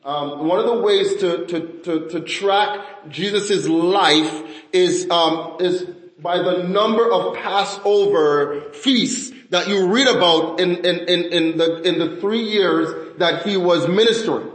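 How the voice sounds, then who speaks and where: A man with a fairly high voice teaches scripture in a relaxed sermon style. He talks conversationally and often puts questions to his listeners. His voice carries a noticeable room echo. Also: slow pace. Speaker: Bible teacher. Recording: roomy echo.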